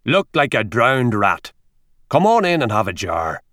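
A man voicing a gruff, burly older country doctor who growls and blusters, in an audiobook reading. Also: medium pitch, sing-song, measured pace, a bit bright, no room sound, studio quality.

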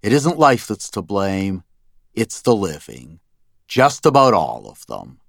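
A man's voice: lowish voice, huge pitch swings, slow pace, vocal fry, fairly bright tone, no echo, studio quality. A man narrating a first-person story in a scripted, wry and dryly humorous way.

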